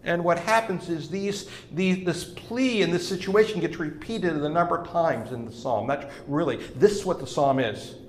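A man's voice: mid-range voice, roomy sound, slight background noise. A man preaching a sermon in an earnest way, leaning hard on key words as he explains a psalm. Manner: earnest, rising to emphatic stress on key words. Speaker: pastor.

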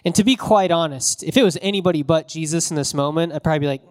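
A man preaching in a relaxed, conversational way, his voice sitting a little higher than most men's. He retells the story animatedly with casual slang, like talking to friends from the pulpit. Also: fast, hardly any pauses. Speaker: pastor. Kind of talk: conversational sermon.

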